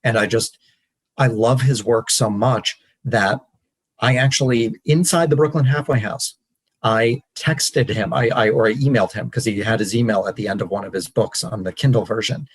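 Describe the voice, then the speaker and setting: A man, a podcast guest and author, telling his story in an earnest, animated way. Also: mid-range voice, moderate pace, breathy edge, poor audio. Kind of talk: storytelling interview.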